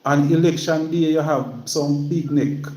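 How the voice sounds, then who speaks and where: A man's voice: on the high side, level tone, a little slow, dark tone. Emphatic Jamaican man in an echoey room. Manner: emphatic, repeats phrases. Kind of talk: casual political chat.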